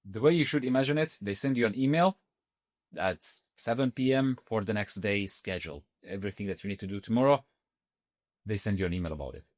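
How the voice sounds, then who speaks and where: A man telling a personal story in casual conversation, often restarting sentences and acting out what people said with sudden high-pitched voices. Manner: animated, acts out quoted speech with sudden high pitch jumps; halting, restarts mid-sentence. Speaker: podcast guest.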